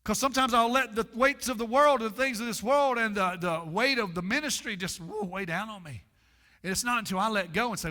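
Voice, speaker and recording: High, bright-voiced preaching pastor. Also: male voice, long reverb tail. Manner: preaching with dramatic pauses and repetition. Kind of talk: sermon. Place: church sanctuary.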